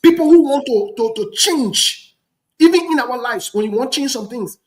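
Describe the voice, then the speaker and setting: A man's voice: very high voice, expressive, normal speed, poor audio. A man with a Liberian English accent hosting a talk show, giving heated political commentary in an emphatic, repetitive, lecturing way.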